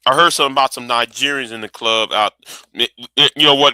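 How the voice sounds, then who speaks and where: A man's voice: medium pitch, fairly quick, pushed and bright, clean tone, no room sound. A man chatting casually on his live stream, rambling and profane, often repeating words while he thinks.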